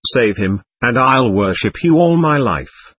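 A vindictive young woman speaks coldly and spitefully, as a male reader puts her on in an audiobook. Her voice is husky and dips low in pitch. The sound is dry. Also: lively intonation, measured pace, fairly bright tone, no room sound. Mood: venomous. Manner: cold, spiteful.

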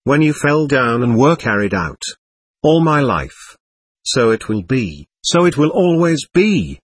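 A man's voice: mid-range voice, big pitch swings, measured pace, husky, no echo. A man reading the lines of a desperate, passionate young man in an audiobook, with a pleading, fervent delivery.

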